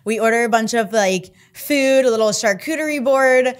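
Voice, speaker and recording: Playful woman in her thirties. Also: a little high. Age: 30s. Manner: playful, gushing, quick reactions. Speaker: guest. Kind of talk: casual chat.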